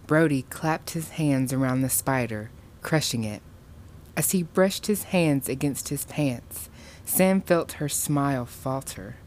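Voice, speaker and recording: A woman with a deep, low voice reads a dark fiction story aloud, taking her time over each line. Her delivery is steady and measured, plainly a scripted narration. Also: a little hiss or hum.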